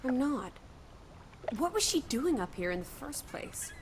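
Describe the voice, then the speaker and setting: An actress playing a spirited, stubborn young woman who talks in a brisk, teasing, insistent way. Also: high-pitched, sing-song, noisy background. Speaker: game character. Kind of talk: game voice acting. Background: game music.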